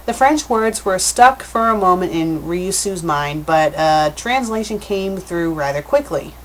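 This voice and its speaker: A woman's voice: fairly low pitch, animated, measured pace, slight background noise. A woman doing a comedic reading of fan fiction, often stopping to correct herself and add joking asides. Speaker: fanfic critic. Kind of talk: comedic dramatic reading with commentary.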